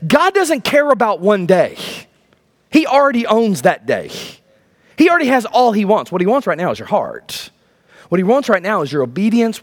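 A man in his thirties preaching a sermon as pastor, firing rhetorical questions and dropping to low, emphatic lines.

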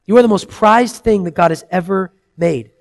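A man in his thirties preaching a sermon, earnest and conversational, swinging between loud emphasis and soft, quiet asides. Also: sits high, moderate pace, creaky. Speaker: pastor.

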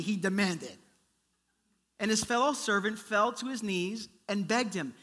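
A man preaching a sermon, telling a story in a lively way and acting out its characters. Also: sits high, measured pace. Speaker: pastor.

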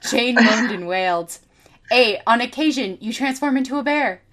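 A woman's voice: a little high, animated, normal speed, a bit bright. A woman podcast host reading an article aloud in a casual way, with many ums and self-corrections.

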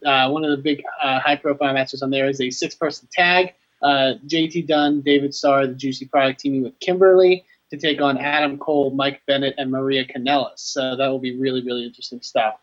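Man, podcast co-host, rambling casual chat, dull lo-fi recording. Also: mid-range voice. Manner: rambling, lots of uh and restarts. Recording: dull lo-fi audio.

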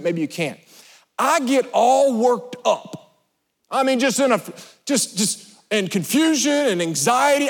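A man preaching a sermon as pastor, animated and storytelling, swinging between loud emphasis and hushed asides. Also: sits high. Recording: long hall reverb.

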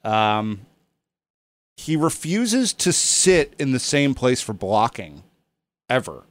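A man's voice: medium pitch, sing-song, slow pace, no echo. A man hosting a casual podcast chat, rambling and hesitant with lots of ums. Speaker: podcast host.

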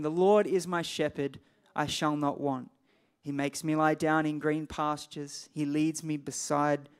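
A man preaching a sermon in a relaxed, conversational way, reading scripture aloud between his own remarks. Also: fairly high pitch. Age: adult parent. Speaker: pastor.

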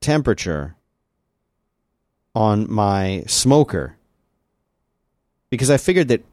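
A man hosts a casual podcast, rambling from thought to thought with plenty of restarts. His pitch swings widely as he talks, and the sound is dry and close, with no room around it. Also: slow pace, dry recording. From lives in Central Texas. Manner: rambling and lively, with many restarts. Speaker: podcast host. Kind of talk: casual chat.

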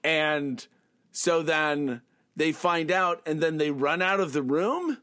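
A man co-hosting a relaxed chat show, reading comic panels aloud and picking apart their punctuation with a laugh. His voice sits a bit high and swoops around animatedly. The sound is dry and close to the mic. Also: slow, no echo. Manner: pedantic about punctuation, laughs often. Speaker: podcast co-host.

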